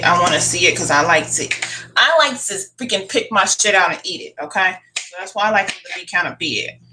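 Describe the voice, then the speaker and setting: A woman with a lowish voice hosts her own cooking channel from her home kitchen, with some background noise in the clip. She chats casually with viewers, calls them y'all, and swears freely.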